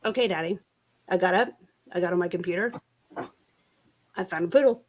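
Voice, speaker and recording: A woman's voice: fairly low pitch, a little fast, a little mellow. A middle-aged woman hosting a casual craft livestream, telling stories with frequent laughs and restarts. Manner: chatty storyteller, laughs often, many restarts. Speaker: livestream host.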